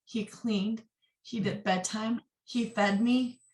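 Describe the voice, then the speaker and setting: A woman in her twenties, an interview guest, sharing a personal story candidly and earnestly, in quick bursts. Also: fairly high pitch, fairly even intonation, darkish tone. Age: 20s. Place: office. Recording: roomy echo, distant mic.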